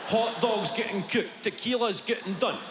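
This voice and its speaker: A man in his twenties with a Glaswegian Scottish accent, doing a stand-up routine and telling stories in an animated, profane way. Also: high-pitched, moderate pace, background noise. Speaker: stand-up comedian. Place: live venue on stage. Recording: long hall reverb, loud ambience.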